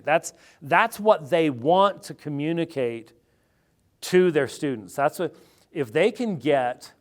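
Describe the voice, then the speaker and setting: An American man, a theologian guest in an interview, talking in a wry, animated and digressive way. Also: fairly high pitch. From United States. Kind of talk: conversational interview answer.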